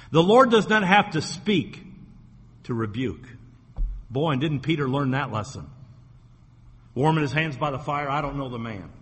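Male preacher, sermon, husky, slightly high voice, emphatic repeats, rhetorical questions, long church reverb. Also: fairly bright tone.

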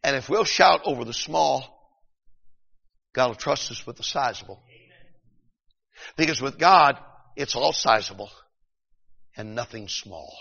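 A middle-aged man preaching a revival sermon, swinging between shouted peaks and hushed storytelling. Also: medium pitch, animated, measured pace, vocal fry, pauses often, husky. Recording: dull recording in a long-reverb hall.

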